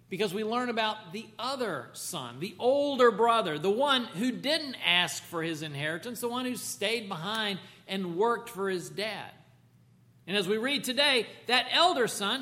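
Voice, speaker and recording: A man preaching a sermon, telling a parable in an animated, conversational storytelling manner with asides. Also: sits high.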